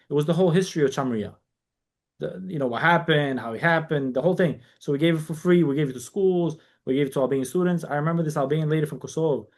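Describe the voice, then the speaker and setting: A man who grew up in New York, a guest on a casual podcast interview, telling long stories and quoting people in dialogue. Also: on the high side. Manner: animated storyteller, quotes people in dialogue, frequent restarts. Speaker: guest, community organization founder.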